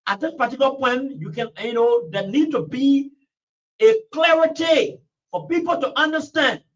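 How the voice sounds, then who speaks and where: High-voiced radio host. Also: male voice, moderate pace. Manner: emphatic, repetitive, heavy use of "you know". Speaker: radio talk show host. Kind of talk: call-in political talk. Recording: dull, distant radio studio recording.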